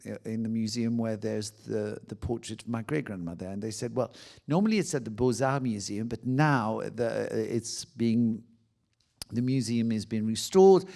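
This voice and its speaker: A middle-aged man with a French accent tells a personal anecdote, his voice sitting a little low. He acts out what people said and lets his delivery swell as the story builds. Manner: animated anecdote telling with acted-out quotes. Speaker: guest. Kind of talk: conversational storytelling.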